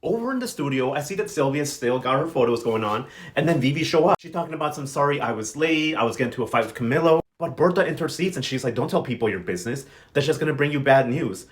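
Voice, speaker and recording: A man's voice: mid-range voice, expressive, quick pace, few pauses. A man giving a casual telenovela recap, sassy and slangy, telling the story with dramatic flair. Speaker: recap vlogger.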